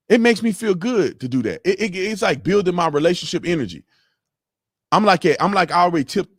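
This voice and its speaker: A man hosting a livestream who rants heatedly about politics, his voice swinging from loud outbursts to low mutters, with features. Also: no echo, studio quality. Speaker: livestream host. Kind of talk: livestream commentary.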